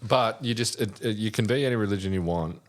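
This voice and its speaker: A man's voice: fairly low pitch, quick pace. A man co-hosting a podcast, in laid-back, joking casual chat. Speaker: podcast co-host.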